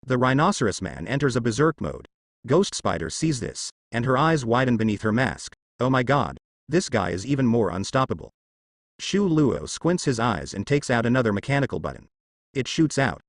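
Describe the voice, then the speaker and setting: A man giving steady scripted narration of a translated web novel, reading sound-effect words aloud. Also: mid-range voice, moderate pace, dry recording, studio quality.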